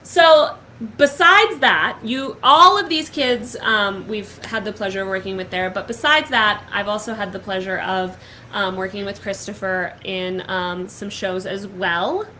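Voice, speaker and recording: Bright-voiced gushing young woman host. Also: medium pitch, unhurried, slight background noise, rough recording. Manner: gushing, upbeat, many "like" fillers. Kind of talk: casual chat.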